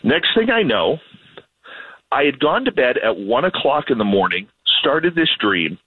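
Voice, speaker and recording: A Canadian man, a radio host, telling stories in a casual, animated, self-deprecating way. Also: medium pitch, measured pace, breathy edge, dry recording, narrow, tinny audio. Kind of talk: casual storytelling conversation.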